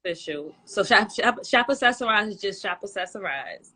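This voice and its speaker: A woman joins a live interview as a guest over a video call. Her voice is mid-pitched and bright, and she answers in a friendly, relaxed way with short affirmations. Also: normal speed, breathy edge, low-quality recording. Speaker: guest, model and entrepreneur.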